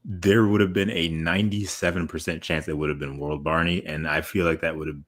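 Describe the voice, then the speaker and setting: A young man on a fan podcast, calmly giving his opinion in casual chat. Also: low voice, brisk. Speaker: podcast co-host.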